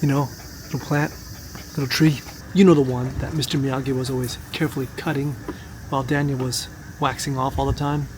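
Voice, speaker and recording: A man's voice: mid-range voice, little pitch movement, brisk, darkish tone, slight background noise. A man in his fifties from Florida, telling stories to camera in a chatty, joking way. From Miami, Florida, USA. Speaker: martial arts teacher and vlogger. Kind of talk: casual storytelling to camera.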